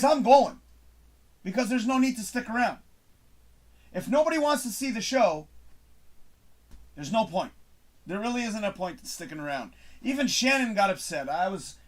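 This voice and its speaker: Ranting high-voiced male host. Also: big pitch swings, moderate pace, pauses often. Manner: ranting, swearing, emphatic bursts. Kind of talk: frustrated monologue to camera. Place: home studio.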